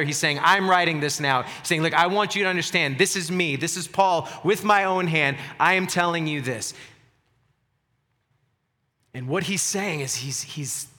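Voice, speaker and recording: A male pastor preaching in an earnest, emphatic way, often repeating words to stress a point. His voice is bright and fairly high for a man. A long reverb hangs around it, as in a church sanctuary. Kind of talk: sermon.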